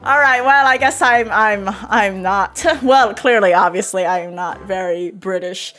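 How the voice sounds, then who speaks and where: A woman's voice: medium pitch, unhurried, hardly any pauses, fairly bright tone, faint music behind. A young woman vlogging her reactions to a quiz, giggly, rambling and jokey. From United States. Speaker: YouTuber and streamer. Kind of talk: casual quiz reaction vlog.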